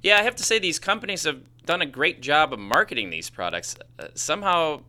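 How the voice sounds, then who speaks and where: A man's voice: on the high side, big pitch swings, a little fast, bright, forceful tone. A man with a Chicago accent, co-hosting a podcast and explaining cosmetic chemistry in a casual, easygoing way. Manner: explanatory, laughs easily. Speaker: podcast co-host. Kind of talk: casual science chat.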